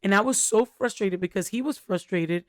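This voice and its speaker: A woman's voice: mid-range voice, normal speed, no room sound. A young woman co-hosting a podcast, telling a candid, rambling story full of fillers in casual chat. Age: young adult. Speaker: podcast co-host.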